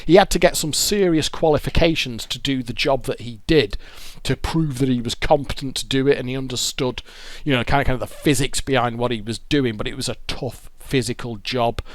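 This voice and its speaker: A man's voice: mid-range voice, fairly quick, no room sound. A man tells a raw, confessional story to camera outdoors by a road. He swears often and stumbles over repeated words. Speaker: vlogger telling his own story.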